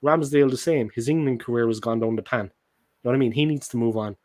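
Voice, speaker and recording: An Irish man with a mid-pitched voice chatting casually on a football podcast. He talks in a loose, joking way and rambles from one point to the next. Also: quick pace, darkish tone. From Ireland. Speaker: guest.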